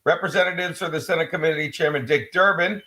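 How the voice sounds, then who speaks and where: A man with a somewhat high-pitched voice chatting on a casual livestream. He reads a news article out loud and keeps cutting in with sarcastic, profane remarks. His delivery is loose and unscripted. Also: fast talker. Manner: sarcastic asides, swears freely. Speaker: livestream co-host. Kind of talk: casual livestream chat, reading news aloud.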